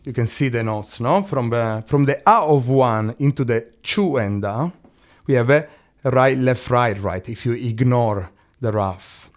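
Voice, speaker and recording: A man teaches drumming at a middle pitch. He counts beats aloud and sings rhythm syllables. He checks that the student follows with short questions like "no?". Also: a little slow. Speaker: drum teacher. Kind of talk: drum lesson explanation.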